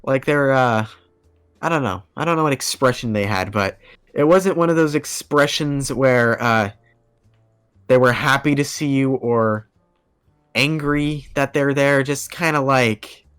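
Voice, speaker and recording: A smooth-voiced man telling a rambling story. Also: mid-range voice, a little slow, a bit bright, no room sound, faint music behind. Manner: rambling, filler-heavy, acts out quoted dialogue. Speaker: podcast guest. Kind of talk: casual storytelling.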